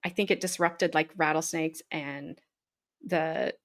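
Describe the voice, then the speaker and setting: A woman's voice: low-pitched, fairly even intonation, a little slow. A woman chatting on a video call. She laughs along and trails off mid-sentence. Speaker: live-stream co-host. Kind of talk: casual video chat. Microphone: video call webcam.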